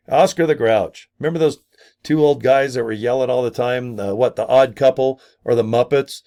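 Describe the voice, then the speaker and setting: A man's voice: medium pitch, moderate pace, darkish tone. An older man vlogging a casual promotional rant, goofy and crude, full of exaggerated asides and silly put-on voices. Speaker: marketing vlogger.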